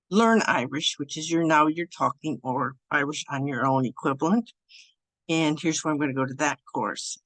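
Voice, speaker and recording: A woman teaching an online beginners' language lesson over Zoom while sharing her screen, speaking in a loose, halting way with frequent restarts. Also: low voice, fairly bright tone, dry recording. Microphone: computer mic over Zoom.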